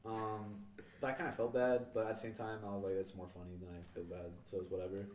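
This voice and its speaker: A man's voice: lowish voice, little pitch movement, fast, a little mellow, slight background noise. A young man, a podcast co-host, telling rambling, profane stories about school and acting out the people in them. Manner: rambling, swears, acts out quoted people. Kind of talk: casual storytelling. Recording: echoey room, mic at a distance.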